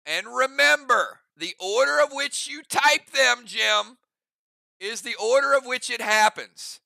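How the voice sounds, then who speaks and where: A man's voice: very high voice, animated, unhurried, creaky, bright, forceful tone, no room sound. A man running an online role-play game as game master, narrating moves in a casual, chatty way with rambling asides.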